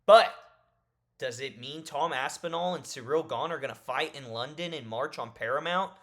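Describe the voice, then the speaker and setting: Emphatic, higher-pitched male commentator. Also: moderate pace. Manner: emphatic, animated, repeats points for stress. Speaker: MMA commentary YouTuber. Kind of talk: opinionated solo commentary.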